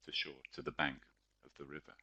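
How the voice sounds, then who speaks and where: A man's voice: very deep voice, flat delivery, brisk, bright, forceful tone, slightly rough. A man, a teacher and writer, giving a chatty, explanatory webinar lecture with frequent fillers.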